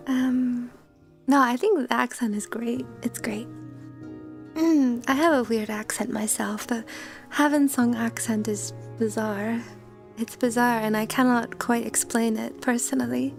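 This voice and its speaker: A woman's voice: on the high side, fairly even intonation, measured pace, creaky, soft background music. A woman VTuber streamer in casual livestream chat, giggly and greeting her chatters by name.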